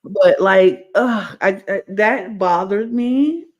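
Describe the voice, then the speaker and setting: Over lo-fi sound, a high-voiced man takes his time as he co-hosts a podcast about reality TV. His casual talk turns into emphatic, animated rants full of repetition.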